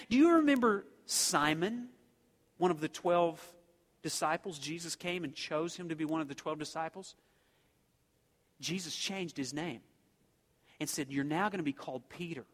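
The pastor's voice runs on the high side and a bit bright, at normal speed, as he preaches emphatically to the congregation and fires off rhetorical questions. There's long reverb from the hall.

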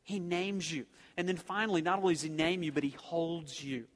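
A pastor preaches to his congregation in a slightly high, steady voice at a brisk pace, emphatic and full of rhetorical questions. Long hall reverb surrounds the recording.

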